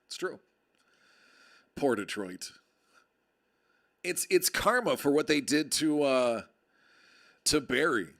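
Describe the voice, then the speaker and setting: This card break livestream host has a fairly high, gravelly, fairly bright voice with lively intonation. He talks slowly with long pauses, joking with viewers in a rambling, casual chat.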